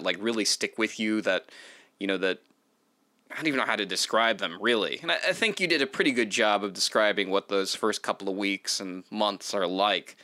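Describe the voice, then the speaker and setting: A man's voice: fairly low pitch, bright, forceful tone, no room sound, studio quality. A man hosting a podcast interview, asking rambling questions full of fillers. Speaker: podcast host. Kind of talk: casual interview chat.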